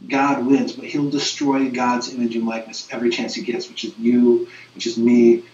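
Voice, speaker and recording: Earnest male moderator, halting delivery, distant roomy lo-fi recording. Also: mid-range voice, completely flat delivery, darkish tone. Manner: earnest, halting with frequent restarts. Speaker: webinar moderator and youth minister. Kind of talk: conversational storytelling. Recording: distant, roomy, dull lo-fi webinar audio.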